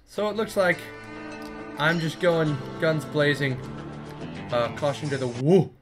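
A man commenting on his gameplay, jumpy and excitable, yelping and making sound effects in fights. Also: on the high side, a little slow, music in the background. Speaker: let's play gamer.

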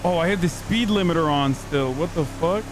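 A man's voice: on the high side, moderate pace, noisy background. A man streaming a roleplay game, talking in character in a hesitant, stammering way with plenty of swearing, into a desk microphone.

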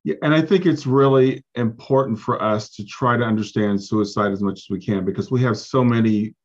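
A male podcast host with a low, slightly husky voice speaks gently and reflectively. The sound is dull and lo-fi, like a modest remote interview recording. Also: fairly quick. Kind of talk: interview conversation. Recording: muffled lo-fi audio.

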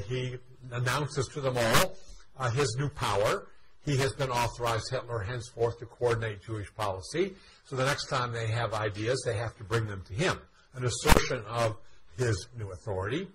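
Man lecturing with frequent "uh" fillers. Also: mid-range voice. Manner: frequent "uh" fillers, measured explanatory delivery. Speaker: university history lecturer. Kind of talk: university lecture. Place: university classroom. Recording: loud background noise.

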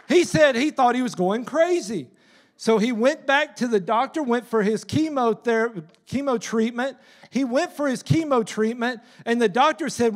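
A man preaching a sermon in a church as a missionary, with an excitable, emphatic delivery. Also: extremely high pitch, moderate pace. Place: church sanctuary.

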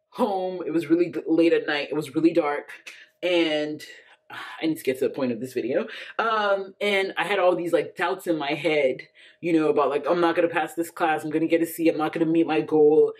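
A woman in her thirties, a vlogger, tells a personal story to camera in a chatty, casual way full of fillers and frequent laughter. Her voice is fairly low and a little mellow.

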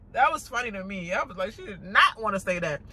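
Bright-voiced woman ranting through a recap. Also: mid-range voice, a little fast, slightly rough. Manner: animated, laughing, mocking asides; stammering filler-heavy delivery. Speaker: reality TV recap host. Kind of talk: casual recap rant.

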